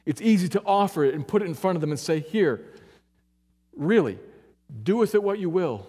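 A man's voice: animated, fairly quick. Earnest male preacher in a reverberant hall. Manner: earnest, emphatic, swings between loud urging and quiet low stretches. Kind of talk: sermon.

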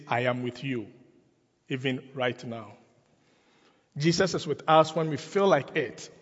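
Man, pastor, sermon, slow deliberate delivery, slightly high voice, muffled lo-fi sound. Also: slightly rough. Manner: slow, emphatic preaching with repeated phrases. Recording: lo-fi, long reverb in a hall.

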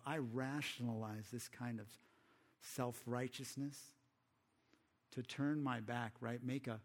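Male preacher, sermon, conversational, rhetorical questions, mid-pitched voice.

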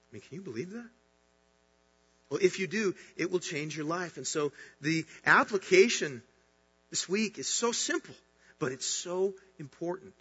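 A man's voice: high voice, normal speed, breathy edge. A man preaching an earnest, emphatic sermon as a pastor. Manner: earnest, emphatic preaching with rising bursts of excitement. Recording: dull sound with long hall reverb.

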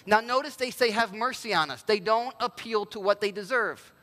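Pastor, male, bright high voice, animated sermon delivery with hushed moments, church hall reverb. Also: normal speed. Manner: animated preaching, voices quoted figures, drops to near-whisper for emphasis.

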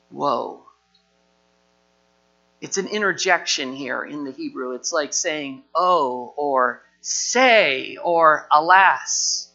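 A man preaches a sermon with a high, bright, forceful voice, pressing hard on his points and then easing back. The recording is dull and lo-fi, with a steady mains hum underneath. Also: slow pace. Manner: emphatic preaching, rising and falling in force. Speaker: pastor.

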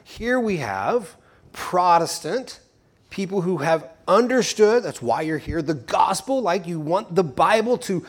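A man preaching a sermon to a congregation, animated, acting out quoted speakers as he teaches. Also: sits high, a little slow.

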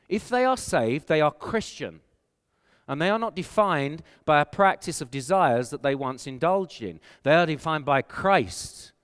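A man's voice: a little high, fairly bright tone, big-room sound. A man with an English accent, preaching a sermon as a pastor, earnest and emphatic, posing rhetorical questions to the congregation. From England.

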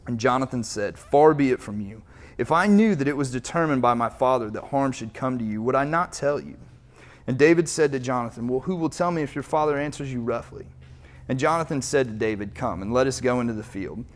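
A man's voice: mid-range voice, lively intonation, fairly quick. Guy preaching, reads the bible then retells it super casual. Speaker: pastor. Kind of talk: sermon with scripture reading.

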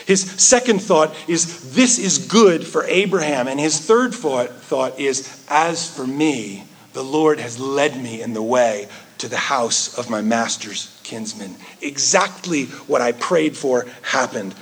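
A man preaching a sermon in an earnest way, rising into animated quoted asides. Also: medium pitch, takes it slowly, few pauses. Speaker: pastor.

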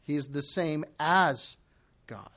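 A man preaching a sermon, emphatic, slowing down to press home key phrases. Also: a little high, a bit bright.

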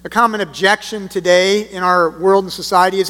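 A high-voiced man preaching from scripture, earnest and emphatic, with deliberate pauses. He reads passages aloud before explaining them as a pastor. His voice rings out with a long reverb in a church sanctuary. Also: steady tone, bright, forceful tone. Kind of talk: sermon with scripture reading. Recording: long reverb of a large hall.

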